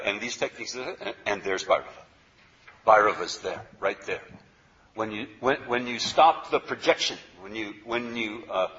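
Heard through dull audio, a man with a medium-pitched, somewhat bright voice gives a spoken lecture on yoga philosophy. His manner is chatty and repetitive, with frequent "okay?" check-ins.

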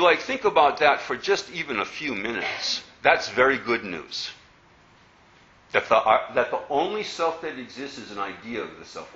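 A man's voice: medium pitch, pushed and bright, a little hiss or hum. A man teaching as a Buddhist teacher, giving a playful dharma talk to an audience and asking many rhetorical questions. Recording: roomy, slightly dull recording.

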